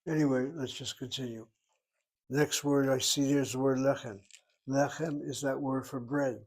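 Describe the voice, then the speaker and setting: A man teaching an informal class, talking through grammar step by step. His voice sits at an ordinary middle pitch, and he thinks aloud as he explains. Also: flat delivery, moderate pace, rough recording. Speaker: Hebrew teacher. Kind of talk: informal recorded class lesson.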